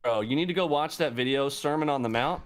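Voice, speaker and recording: A man talking in casual chat, animated and profane, jumping into high-pitched outbursts when riled. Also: fast talker.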